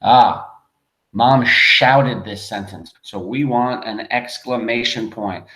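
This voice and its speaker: A man's voice: mid-range voice, slow pace, bright, forceful tone, reverberant, rough recording. A man teaching a grammar lesson, patient and emphatic, spelling words out letter by letter. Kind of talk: grammar lesson over a screen.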